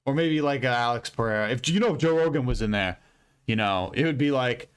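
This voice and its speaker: A man's voice: medium pitch, animated, a little fast, smooth. Profane, emphatic young man talking fights. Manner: profane, emphatic, rambling with fillers. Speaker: fight predictions channel host. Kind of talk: casual commentary.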